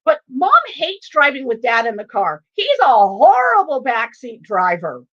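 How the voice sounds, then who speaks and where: A woman's voice: high voice, highs cut off, heavily acted. A woman voicing a precocious, outspoken six-year-old boy who chatters on without stopping for breath. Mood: chirpy. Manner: breathless, excited, runs on without pause.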